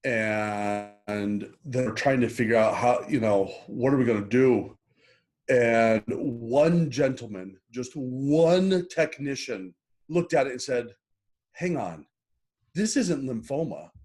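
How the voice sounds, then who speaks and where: A man's voice: medium pitch, slow pace, a little mellow. A middle-aged man talking in a casual interview, earnest and emotional, often repeating words as he goes. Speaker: guest, happiness coach.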